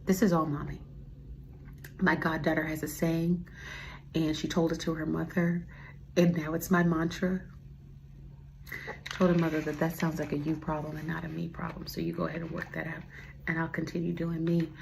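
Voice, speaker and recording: A woman's voice: low voice, flat delivery, moderate pace, vocal fry, pauses often, a little hiss or hum. A woman in her forties hosting a podcast, rambling through a heartfelt personal monologue and dropping to a whisper at tender moments. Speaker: podcast host.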